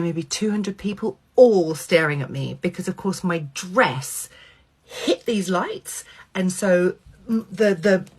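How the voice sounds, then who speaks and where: A middle-aged woman vlogger telling a personal anecdote, animated, swearing freely and acting out quoted lines. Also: lowish voice, breathy edge.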